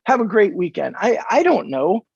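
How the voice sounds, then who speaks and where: An American man in his fifties tells stories in a casual interview, with a gravelly, husky voice that sits a bit high for a man. He acts out dialogue with animated energy. The audio is dull and dry, like a remote podcast line. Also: moderate pace, no echo. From California, USA. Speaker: podcast guest.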